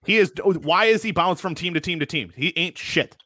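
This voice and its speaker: A man's voice: high-pitched, moderate pace, pushed and bright, dry recording. A young man co-hosting a casual sports podcast, blunt and combative, swearing freely as he argues. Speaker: podcast co-host.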